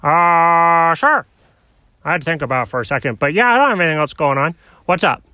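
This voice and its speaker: A skeptical, deadpan sidekick, voiced by a man, drops lower than the others and answers flatly. The bits stay dry and close, like a homemade comedy skit. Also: brisk, no echo.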